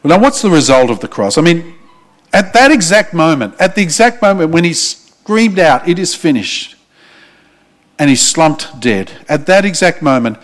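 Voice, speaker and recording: An Australian man preaching a sermon, earnest and urgent, dropping soft and low when he pleads with listeners. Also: big pitch swings, moderate pace. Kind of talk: sermon with altar call.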